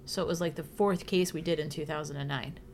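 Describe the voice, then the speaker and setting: A woman's voice: deep voice, fairly even intonation, fast, darkish tone, a little hiss or hum. A woman co-hosting a podcast in casual chat, upbeat, laughing often and steering the conversation. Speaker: podcast co-host.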